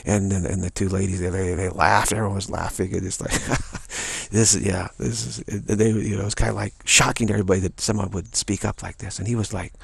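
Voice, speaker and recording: A man with a low, heavily gravelly voice gives a loose spiritual talk, circling back on his words as he tells stories. His tone is husky and the sound is dry and close. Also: fairly even intonation, a little fast, dry recording. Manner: rambling storytelling, acts out quoted voices. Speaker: spiritual teacher.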